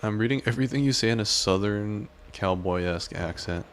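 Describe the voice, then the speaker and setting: Deep-voiced male game streamer. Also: fairly quick, a little hiss or hum. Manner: relaxed, chatty, talks to chat. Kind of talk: casual gameplay commentary.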